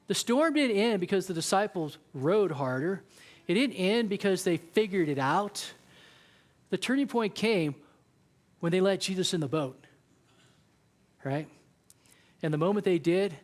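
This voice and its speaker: A man preaching a casual, conversational sermon, often acting out what people in the story say. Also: high voice. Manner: conversational preaching, acts out quoted voices. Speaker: youth pastor.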